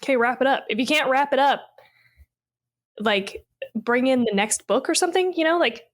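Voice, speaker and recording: A woman's voice: high voice, lively intonation, moderate pace. A woman co-hosting a horror podcast in casual chat, speaking candidly and rambling a little with exclamations. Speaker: podcast co-host.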